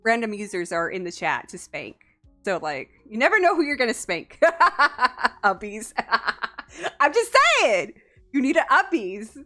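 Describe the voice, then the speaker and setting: Playful woman streamer from the US, bright and lively, teasing chat with lots of giggles. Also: on the high side, measured pace, soft background music. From United States. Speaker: VTuber streamer. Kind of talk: casual live-stream chat.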